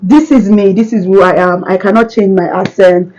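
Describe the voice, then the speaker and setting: A woman's voice: mid-range voice, fairly even intonation, moderate pace, a little mellow, muffled recording, a little hiss or hum. A Nigerian woman hosting a reaction video, talking casually and emphatically, repeating her points. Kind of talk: casual commentary.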